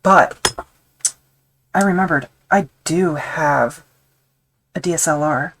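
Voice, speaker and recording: A woman with a low voice talks loosely as she works on a leather project during a live stream. She thinks aloud, wanders off on tangents and makes light fun of herself. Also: slow, fairly bright tone, low-quality recording. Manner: rambling, self-deprecating, thinks aloud with fillers. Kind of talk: casual chat while crafting on a live stream.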